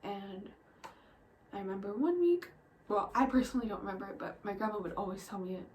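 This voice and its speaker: Young woman vlogger, hushed and halting, emotional, faint hiss behind her. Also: mid-range voice, expressive, poor audio. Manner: soft-spoken, often near a whisper, halting. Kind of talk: personal storytelling vlog.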